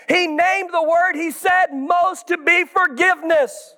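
A man in his thirties, a pastor preaching a sermon, building up to shouts for emphasis. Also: very high-pitched, normal speed, hardly any pauses.

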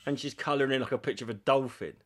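A man's voice: mid-range voice, racing, very noisy. A man co-hosting a podcast, telling crude stories in casual chat and acting out other people's voices. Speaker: podcast co-host.

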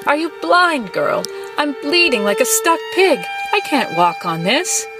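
A crude young guardsman, coarse and pleading, as a woman reader puts him on. He is pitched up high and pushy in this dramatic storybook reading. Violin music plays clearly beneath him. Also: very animated, a little slow. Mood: panicked. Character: crude young male guardsman, bleeding and panicking.

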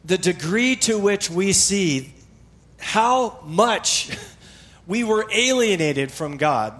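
A middle-aged male pastor preaching a sermon in a conversational, animated way, with emphatic repetition. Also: high-pitched, takes it slowly.

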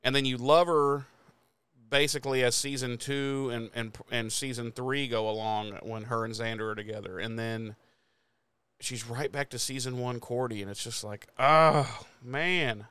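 A man with a middle-pitched, smooth voice, recorded close and dry. He chats casually about a TV show, swears often, and slips into the characters' lines as he retells scenes. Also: fairly even intonation, normal speed, a bit bright, no room sound. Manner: profane, laughing, acts out lines from the show. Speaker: podcast co-host. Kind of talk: casual chat recapping a TV episode.

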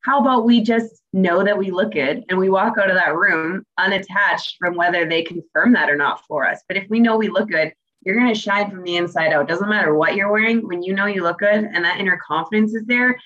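A woman's voice: medium pitch, brisk, fairly bright tone. A woman in casual chat, speaking in an earnest, reflective and encouraging way. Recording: dull, slightly lo-fi sound.

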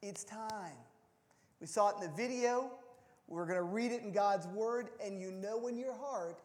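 Pastor guy preaching in a church, really high voice, jokey, repeats himself, big echoey sanctuary. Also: a little slow. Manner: playful, animated, repeats words when restarting. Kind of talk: sermon. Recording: long hall reverb.

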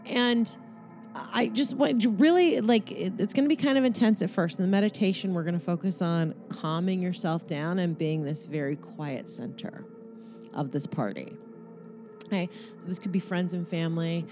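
A woman's voice: lowish voice, normal speed, over music. Casual, swearing meditation guide, woman. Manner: casual, joking, swears freely.

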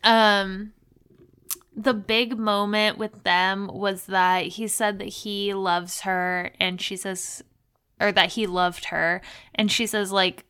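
Bright, smooth-voiced young woman chatting. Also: medium pitch, takes it slowly. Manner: chatty, many "like" fillers, animated retelling. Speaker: podcast co-host. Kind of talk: casual recap chat.

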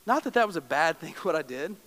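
A man's voice: on the high side, lively intonation, fast talker, a bit bright. A young adult male pastor preaching a sermon, emotive and storytelling with self-deprecating humor. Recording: long reverb of a large hall.

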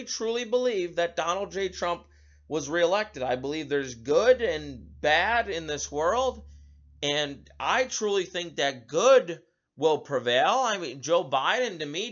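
A male talk show host delivers an emphatic monologue in a high voice that swings widely in pitch. He often stumbles and repeats words as he starts his sentences. The recording sounds dull and lo-fi. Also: fairly bright tone.

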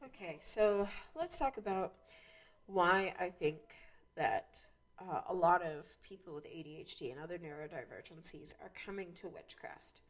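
Woman host, lowish pitch, loose rambling monologue. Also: animated, normal speed. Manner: rambling, many restarts and fillers, laughs at herself. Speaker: podcast host. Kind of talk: casual monologue.

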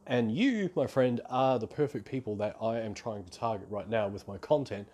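A man's voice: mid-range voice, moderate pace, a little mellow. A man hosting a podcast, telling a rambling, self-reflective story in a casual solo monologue. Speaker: podcast host.

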